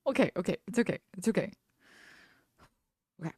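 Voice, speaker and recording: A woman's voice: mid-range voice, very animated, measured pace, no echo, clean studio sound. A woman streamer chatting casually as she reacts to a video, rambling with many fillers and nervous laughs.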